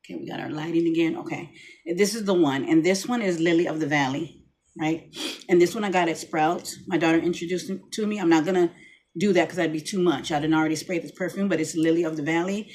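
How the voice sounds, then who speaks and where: A woman's voice: low voice, fast talker, darkish tone. A middle-aged woman talking casually to her camera at home, rambling with many restarts. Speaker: vlogger. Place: home room, lights dimmed.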